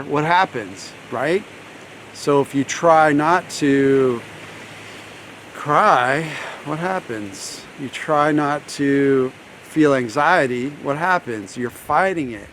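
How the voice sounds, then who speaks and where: A man speaking as a recovery coach, guiding breathing and explaining ideas in a calm, unhurried way with playful laughs. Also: mid-range voice, a little hiss or hum. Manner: slow, calm, guiding with frequent pauses; laughs easily, playful demonstrations. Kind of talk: coaching talk to camera.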